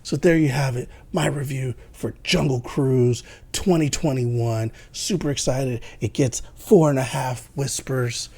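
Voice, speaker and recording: A man in a whispered role-play, giving a playful, jokey movie review in a hushed voice. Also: mid-range voice, unhurried, vocal fry, few pauses, slightly rough.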